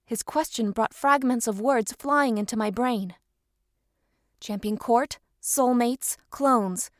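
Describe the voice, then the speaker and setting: A woman reading a first-person audiobook in steady storytelling narration. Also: a little high, slow pace, no room sound, clean studio sound.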